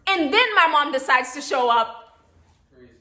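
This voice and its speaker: Animated young woman telling a story. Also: high voice, moderate pace, roomy sound. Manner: animated, repeats "okay?", swears casually. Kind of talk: casual storytime monologue.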